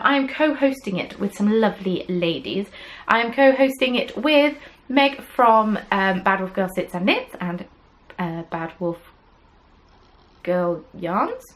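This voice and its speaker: A woman's voice: fairly high pitch, poor audio. A young adult woman, hosting a crafting podcast in casual, self-deprecating chat full of ums. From England. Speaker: podcast host. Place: home desk.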